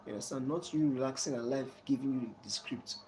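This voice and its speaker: Casual host, warm and mellow, chuckling preachy advice, faint background hum. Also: male voice, mid-range voice, fairly quick, low-quality recording. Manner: preachy, repeats "you understand?" often; soft chuckles between points. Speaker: channel host giving life advice. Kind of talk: casual advice talk to a viewer.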